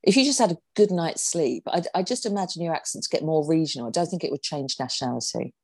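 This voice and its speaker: A woman's voice: sits low, quick pace, darkish tone, breathy edge. A woman co-hosting a podcast over a video call, chatting playfully with lots of teasing and giggles. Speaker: podcast co-host. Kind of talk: casual chat.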